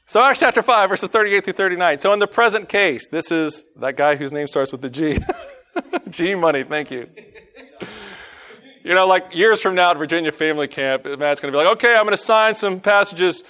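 A man's voice: on the high side, normal speed, pushed and bright. A man with a Southern US accent, teaching a casual Bible study, joking and laughing at himself between scripture readings.

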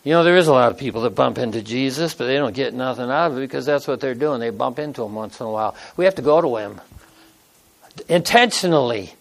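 Talking fast in a mid-range voice with vocal fry, this sixty-something pastor gives a folksy, conversational sermon. He tells stories and performs quotes in plain, everyday language.

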